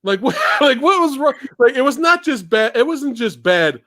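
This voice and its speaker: A man's voice: extremely high pitch, normal speed, dry recording. Guy hosting a movie stream, bouncy up and down voice, laughs a lot, dead dry audio. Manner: animated, laughs often, rambling asides. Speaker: host. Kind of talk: casual livestream film chat.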